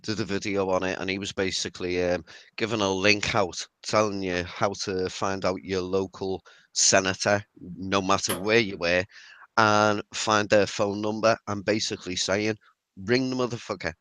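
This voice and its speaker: A man chats casually with his co-host on a live stream in a calm, matter-of-fact way. His voice sits a little low. The sound is close and dry, with no room echo. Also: moderate pace, clean tone.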